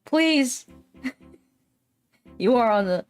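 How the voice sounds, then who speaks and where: A woman streamer chats casually with her viewers in a fairly high voice, rambling, swearing often, and laughing easily. She speaks at a slow pace with long pauses, and faint music plays behind her.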